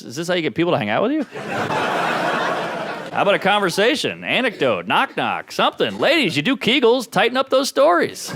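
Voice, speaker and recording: Male stand-up, wry and self-mocking, lively voice, on a stage mic with faint noise. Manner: wry, self-deprecating delivery that swings between low mutters and high outbursts. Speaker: stand-up comedian. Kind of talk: stand-up comedy set. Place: comedy stage before a laughing audience.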